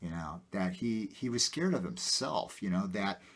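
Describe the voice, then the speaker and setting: A man talking casually to his viewers about his own life, rambling with many fillers and getting animated. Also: low-pitched, moderate pace. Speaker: video host. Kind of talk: casual personal talk to camera.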